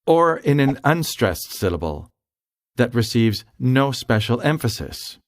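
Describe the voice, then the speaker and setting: A man narrating a scripted grammar lesson in a slow, careful, explanatory way. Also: medium pitch, big pitch swings, dry recording, clean studio sound. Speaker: language tutor.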